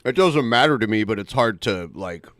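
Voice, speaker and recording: A man's voice: on the low side, lively intonation, moderate pace, a bit bright, dry recording, clean studio sound. A man co-hosting a podcast, commenting on clips in a hesitant way with many fillers. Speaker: podcast co-host. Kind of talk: casual commentary.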